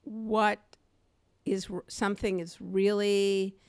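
An older woman, co-hosting a podcast and telling stories in an animated way, swinging from quiet asides to loud outbursts and laughing often. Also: medium pitch, slow, smooth, no echo, clean studio sound. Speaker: podcast co-host and comedy teacher. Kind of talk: animated conversational storytelling.

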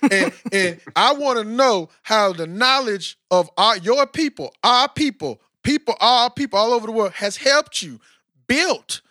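An American man hosting a podcast in a casual, animated way, with lots of fillers. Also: high-pitched, unhurried, dry recording, clean studio sound. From United States. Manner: animated and talkative, with frequent fillers. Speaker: podcast host interviewing a guest. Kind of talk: casual chat.

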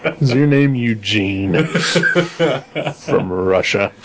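A man's voice: on the low side, lively intonation, takes it slowly, crowd noise. A man co-hosting a podcast in casual chat, rambling with dry jokes. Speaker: podcast co-host.

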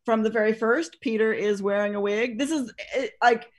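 A woman's voice: on the high side, normal speed. A woman co-hosting a podcast, chatting casually in a rambling, profane way with lots of restarts. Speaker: podcast co-host discussing costumes. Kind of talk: casual chat.

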